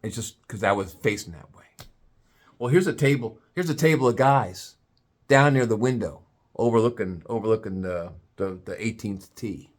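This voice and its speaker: A man telling a comic story in a drawn-out, playful way. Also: fairly low pitch. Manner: animated, drawn-out comic buildup.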